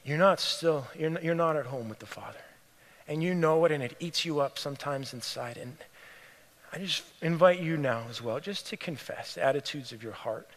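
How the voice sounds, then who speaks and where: A man preaches in an earnest storytelling voice that sits a little higher than most men's. He often sinks to a hushed, near-whispered tone. His words ring out with a long reverb, as if in a large hall. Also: normal speed. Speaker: pastor. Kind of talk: sermon.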